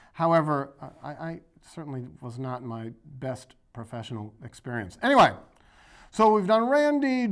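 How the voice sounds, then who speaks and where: A man from the area, hosting his own video blog and ranting about politics in a rambling, sarcastic, emphatic way. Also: on the high side. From Boston area, USA.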